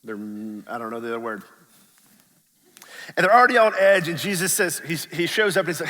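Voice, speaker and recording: This pastor's voice sits on the high side, expressive and a little fast, with long pauses and a sharp tone trailed by long reverb. Preaching in a church sanctuary, he tells the story in a relaxed way and performs each character's lines in voices.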